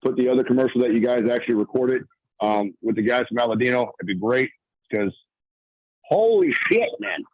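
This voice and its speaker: A man leaves a voicemail for a call-in show, griping about a commercial with plenty of swearing and exasperated comic flair. His voice is husky, and the sound is dry and close. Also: medium pitch, animated, fairly quick, no room sound, dull audio. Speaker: caller.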